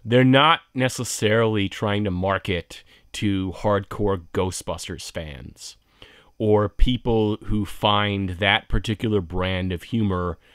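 A man with a low voice gives emphatic, conversational opinion commentary for his channel. He is recorded close up in a dry, dead-sounding room. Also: takes it slowly, a bit bright, smooth, no echo. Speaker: video commentator.

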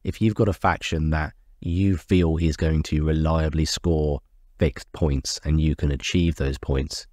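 Man, very deep voice, has a cold, earnest explaining, dry close recording. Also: darkish tone, no room sound. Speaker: YouTube host. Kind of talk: tabletop strategy talk.

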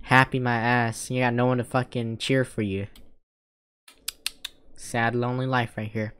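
Very low-voiced woman, brash reaction commentary. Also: flat delivery, measured pace, a little hiss or hum. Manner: loud, profane, mocking, often laughing. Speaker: reaction video host.

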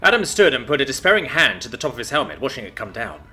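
A male narrator telling a sci-fi story with a dramatic flair, his voice bright and forward. His delivery is animated, swinging widely up and down. Soft music runs faintly underneath. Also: medium pitch, fast talker.

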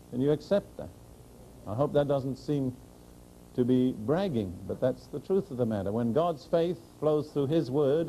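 Dark-voiced preacher delivering an earnest sermon. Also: male voice, fairly high pitch, slight background noise, poor audio. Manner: earnest, direct, rhetorical questions to the congregation; slows and rises to proclaim scripture.

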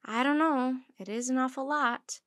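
A woman voicing a calm, gentle mother who works as a vet, speaking in a soothing, measured way. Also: high voice, no echo, clean studio sound.

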